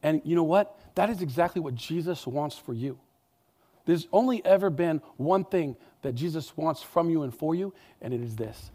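Brief: male preacher with a high-pitched voice, animated and emphatic, talking to the congregation in a chatty way. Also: normal speed. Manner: animated, emphatic, conversational asides. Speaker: pastor. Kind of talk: sermon.

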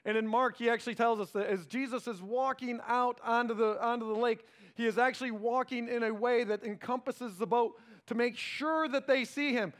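Male preacher with a high voice; dynamic sermon delivery that swings loud and soft and acts out quoted lines. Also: fairly even intonation, a little fast. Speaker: pastor.

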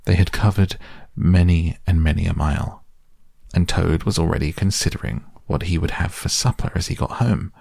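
A man reading a children's storybook aloud in a measured, expressive way. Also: deep voice, creaky, dry recording, studio quality. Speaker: narrator. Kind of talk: scripted storybook narration.

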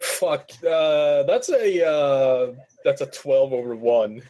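A man's voice: mid-range voice, slow pace, warm tone. A man playing a tabletop game, hesitant and chuckling often. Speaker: player. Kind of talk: casual tabletop play.

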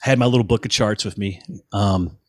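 A man in his fifties, a guest musician in a casual interview, telling animated anecdotes and acting out what people said. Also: on the low side, a little fast, no echo, studio quality. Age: 50s. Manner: animated anecdotes, acts out quoted voices. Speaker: guest musician, touring bassist.

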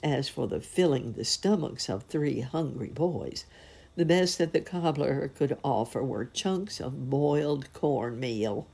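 A woman telling a fairy tale as a storybook reading, expressive and unhurried. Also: extremely low pitch, gravelly, husky.

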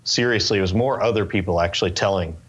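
A man in his twenties from Northern California, telling stories in a relaxed interview chat with lots of fillers and restarts. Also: sits low, fast, slightly rough, highs cut off. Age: 20s. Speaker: interview guest, race car driver.

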